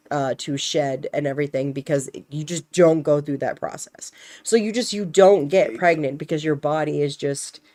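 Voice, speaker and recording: A woman's voice: deep voice, a little mellow. A young woman chatting casually on a stream, rambling animatedly and acting out quotes as she tells a story.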